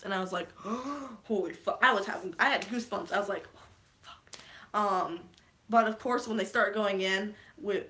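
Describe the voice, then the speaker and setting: A young woman with a bright, clear voice talks fast and loose about a movie she loved. She swears freely, says "um" a lot and jumps into quoted lines as she retells scenes. The tone is casual and eager. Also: medium pitch. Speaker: vlogger. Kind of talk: casual spoiler recap.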